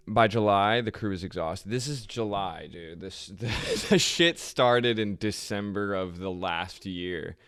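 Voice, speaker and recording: A young adult podcast host tells a history story in a loose, profane, rambling way, laughing often. His voice sits low and creaky yet a bit bright, with a clear, resonant tone and no room sound.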